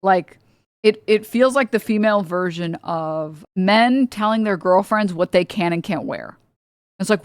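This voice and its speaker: A woman's voice: mid-range voice, lively intonation, measured pace, dry recording, studio quality. A woman streamer ranting in casual commentary, blunt, profane and sarcastic, rambling with lots of filler words. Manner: rambling with many filler likes.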